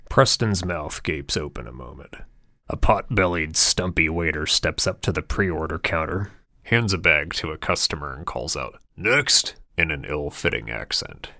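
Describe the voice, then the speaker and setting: A man narrating an audiobook in a steady, descriptive storytelling manner. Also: rumbling low, normal speed, dry recording, clean studio sound. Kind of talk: scripted narration.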